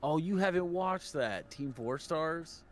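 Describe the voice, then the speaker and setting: A man chatting casually while gaming, retelling jokes in an animated way and laughing often. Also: on the high side, slow pace, slight background noise. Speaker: gamer. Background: game music.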